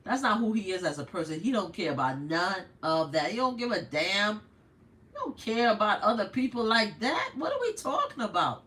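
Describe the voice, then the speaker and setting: A woman's voice: mid-range voice, moderate pace. Blunt older woman with a New York accent. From United States. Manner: animated, blunt, rhetorical questions. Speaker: live stream host. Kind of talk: casual political commentary.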